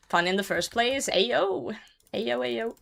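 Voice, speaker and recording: A woman's voice: a little high, gravelly, a bit bright. A young woman streamer chatting casually while she plays, swearing and laughing often. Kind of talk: casual chat while gaming.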